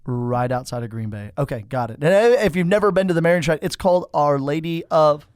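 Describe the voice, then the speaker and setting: A man's voice: fairly high pitch, animated, brisk, a little mellow, smooth, dry recording, clean studio sound. A man, a priest, interviewing a guest in a joking, playful way, often trailing off mid-sentence. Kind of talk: casual chat.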